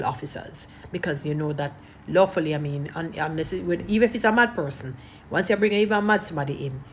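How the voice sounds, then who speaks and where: Jamaican woman commentator, lowish voice, preachy and emphatic, light background hiss. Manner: emphatic, preachy, repeats points. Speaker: online commentator. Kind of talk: casual commentary to camera.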